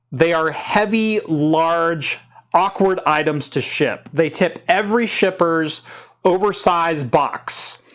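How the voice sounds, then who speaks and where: Casting: male tech show host, slightly high voice, rambling casual chat. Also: a bit bright. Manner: chatty, rambling, reads donations aloud. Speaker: podcast host.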